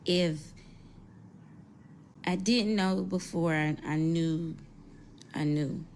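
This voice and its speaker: Mother, emotional and tearful, low gravelly voice, slow halting delivery, faint background hiss. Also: darkish tone. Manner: slow, halting, holding back tears. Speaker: mother sharing news. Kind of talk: emotional personal account.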